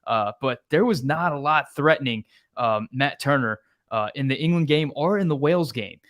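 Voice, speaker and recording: A man's voice: mid-range voice, moderate pace. Upbeat American male podcast host breaking down soccer tactics. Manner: energetic, reads viewer comments. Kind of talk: sports analysis chat.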